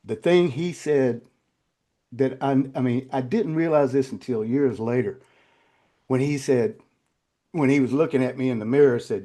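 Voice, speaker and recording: An older man, a guest telling personal stories in an interview, halting and repeating words, turning quiet and choked when emotional. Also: medium pitch.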